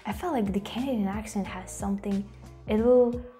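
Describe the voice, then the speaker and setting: A native French speaker with a French accent, this woman hosts a YouTube channel and offers casual commentary in a mid-range, dark-toned voice, talking fast. She is hesitant, with many fillers and restarts. Faint music plays behind her.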